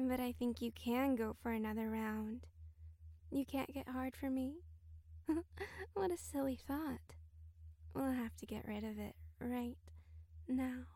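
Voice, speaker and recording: A woman voicing a domineering royal temptress with a tail, in a whispered role-play, giving slow hypnotic commands in a breathy whisper close to the mic. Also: high-pitched, steady tone, mellow, dry recording, full character voice. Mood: teasing, commanding. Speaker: audio role-play performer.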